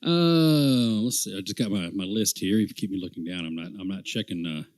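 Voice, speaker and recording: A middle-aged man co-hosting a podcast in casual chat, rambling and animated, with many fillers and restarts. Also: on the low side, brisk, no room sound. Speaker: podcast co-host.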